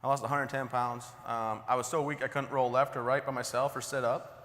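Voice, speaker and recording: Male keynote speaker, 30s, tense bright tone, wry conversational storytelling, stage mic with long hall reverb. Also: mid-range voice, little pitch movement, brisk. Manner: joking, conversational, self-deprecating. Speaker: motivational speaker. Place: large conference hall.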